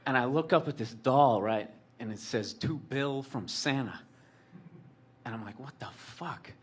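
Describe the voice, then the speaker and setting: A man's voice: medium pitch, measured pace, slightly rough. Profane rambling male storyteller. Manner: rambling, profane, sardonic storytelling with many fillers. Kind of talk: storytelling monologue.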